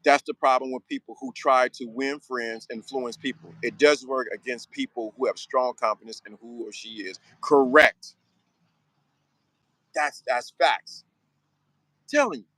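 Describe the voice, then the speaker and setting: A man's voice: medium pitch, a little slow, a bit bright, dry recording, rough recording. A man hosting a show, giving an emphatic motivational monologue full of slang and repeated phrases. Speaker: show host.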